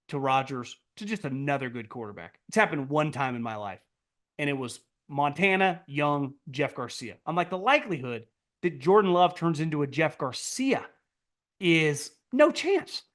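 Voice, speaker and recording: Blunt, profane man with a higher voice. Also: big pitch swings, moderate pace. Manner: blunt, profane, riffing with frequent "like" and restarts; jumps to loud, high mocking outbursts. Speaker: sports podcast host. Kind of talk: casual sports opinion monologue.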